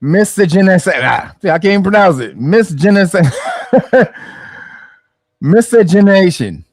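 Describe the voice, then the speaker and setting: A man's voice: high-pitched, lively intonation, brisk, no echo. A man rambles through casual commentary in a slightly raised voice, stopping to restart his phrases. The sound is close and dry, with no room around him. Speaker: host.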